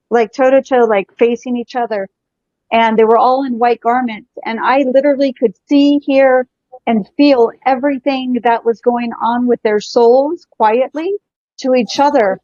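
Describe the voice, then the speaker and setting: Woman, effusive, breathless exclamations, slightly high voice, dry muffled video call sound. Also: darkish tone, dry recording. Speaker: guest, energy healer. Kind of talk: emotional storytelling in conversation.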